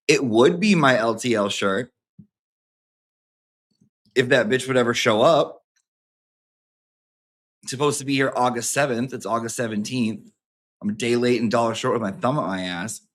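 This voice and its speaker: A man with a mid-range, slightly bright voice talks at a normal speed, pausing often. He's reading viewers' emails on his channel for a live audience, camping it up with sassy side comments and lots of swearing.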